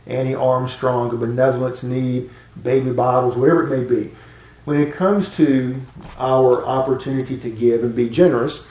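A man's voice: mid-range voice, a little mellow, reverberant, rough recording. A man preaching a conversational, folksy sermon as a pastor.

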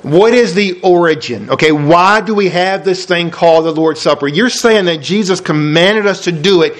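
A man's voice: sits high, moderate pace. A male pastor preaching a sermon, chatty and full of rhetorical questions. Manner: conversational, rhetorical questions, storytelling. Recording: roomy echo.

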